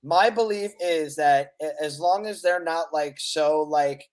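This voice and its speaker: Podcast co-host, mid-pitched voice, rambling and stumbling. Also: unhurried. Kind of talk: casual chat.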